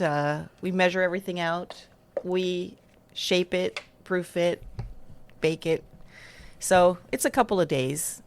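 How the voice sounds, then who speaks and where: A low-pitched woman guest on a podcast, raised between the United States and France. She explains things in a casual, friendly and patient way. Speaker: bakery co-owner, guest. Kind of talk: interview answers.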